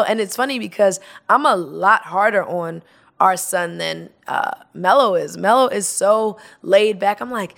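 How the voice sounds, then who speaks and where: A woman's voice: mid-range voice, unhurried, gravelly. A woman guest in casual interview chat, telling stories with laughter and acting out quoted lines. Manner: animated, laughing storyteller who acts out quotes.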